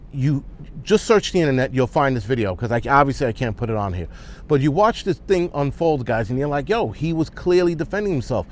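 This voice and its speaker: A man delivers an angry vlog rant. He talks bluntly and swears freely. His voice sits at an ordinary, mid pitch. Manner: profane, blunt, heated. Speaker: prepper vlogger.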